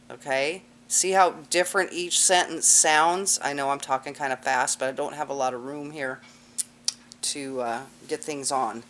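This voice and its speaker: A woman's voice: a bass voice, steady tone, moderate pace, fairly bright tone. A woman teaching a cosmetology class in a casual, chatty lecture with lots of fillers. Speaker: cosmetology instructor.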